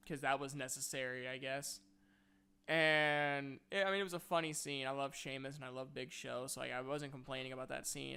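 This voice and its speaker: Bright, crisp-voiced man ranting. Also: on the high side. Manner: exasperated, scattered, heavy use of "like". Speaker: movie reviewer. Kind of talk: casual ranting review.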